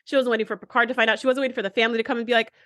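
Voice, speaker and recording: A fast, chatty woman co-hosting a podcast, her voice a little higher than most. She jumps into quick re-enactments of other people's lines while she recaps, and the recording is dry and close with no room sound. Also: little pitch movement, a bit bright, no room sound. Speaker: podcast co-host. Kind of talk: casual chat.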